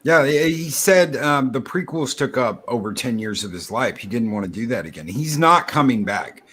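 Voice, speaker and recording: Skeptical man, middle-pitched, stammering. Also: expressive, moderate pace, fairly bright tone, husky. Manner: skeptical, argumentative, stammers on restarts. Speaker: guest. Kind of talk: casual fan chat.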